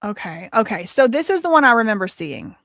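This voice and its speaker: A woman's voice: fairly high pitch, very animated, brisk, fairly bright tone, no echo, studio quality. A woman hosting a casual livestream, chatting and reading viewer messages and documents aloud. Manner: chatty, reads super chats and documents aloud, exclamatory. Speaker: livestream host.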